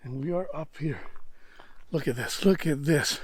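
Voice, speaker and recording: A man's voice: on the high side, normal speed, husky. Winded man vlogging on a mountain climb. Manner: huffing, enthusiastic, talks to viewers while hiking. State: out of breath. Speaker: travel vlogger. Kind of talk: walking vlog narration. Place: outdoors on a mountain trail.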